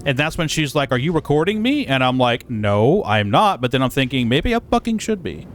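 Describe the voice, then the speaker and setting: A man with a mid-range, sing-song voice livestreams casual chat at a moderate pace from a moving vehicle while hauling cargo. The streamer tells a story in an exasperated, profane way.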